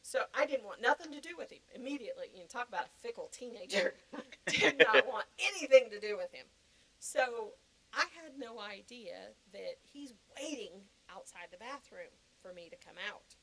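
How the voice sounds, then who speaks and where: Animated woman telling a story. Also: fairly high pitch, normal speed, low-quality recording. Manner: animated, laughing, acting out quoted reactions. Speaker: guest. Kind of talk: storytelling in a podcast interview.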